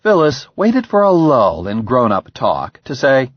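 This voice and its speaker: A man narrating an audiobook in an expressive, measured way. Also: mid-range voice, no room sound. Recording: slightly dull, dry recording.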